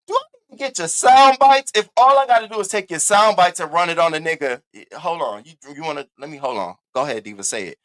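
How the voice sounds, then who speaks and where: A man hosting a casual live commentary stream, talking in an animated, sassy and profane way, repeating catchphrases and swinging his voice up high for emphasis. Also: quick pace, few pauses. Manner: animated, sassy and profane, with big swoops in pitch. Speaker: livestream host.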